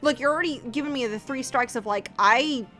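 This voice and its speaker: A woman's voice: high-pitched, a little fast, sharp tone, soft background music. A woman streaming a game, chatting casually to her viewers in a rambling, profane way, often restarting her sentences. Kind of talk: casual livestream chat while playing.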